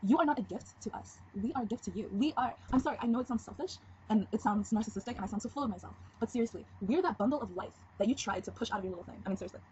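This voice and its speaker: Fast-talking rambling teenage girl vlogger. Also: a little high, a little mellow. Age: teens. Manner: rambling, giggly, frank. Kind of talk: casual confessional vlog. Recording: dull lo-fi webcam audio with faint noise.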